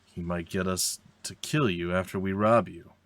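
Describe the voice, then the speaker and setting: A man reading the lines of a drunk, threatening male brigand deserter in a slow, low voice. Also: fairly even intonation, fairly bright tone, no echo. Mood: mocking.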